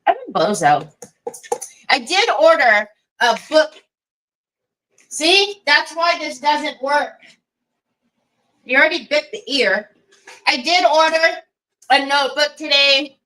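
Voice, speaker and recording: Woman, livestream craft host, casual chat, sharp bright tone, laughs a lot, self-teasing. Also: high-pitched, expressive, takes it slowly, pauses often, low-quality recording. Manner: chatty, greets viewers by name, laughs often; self-deprecating and giggly.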